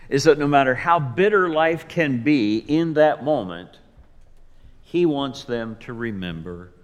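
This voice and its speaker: A male pastor preaching a sermon, slow and deliberate, swinging from loud emphasis to near whispers. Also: mid-range voice. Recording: long reverb of a large hall.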